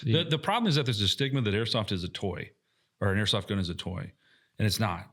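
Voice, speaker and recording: A man chatting casually on a podcast, relaxed, laughing often and swearing freely. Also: lowish voice, fast talker. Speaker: airsoft park staff, podcast regular.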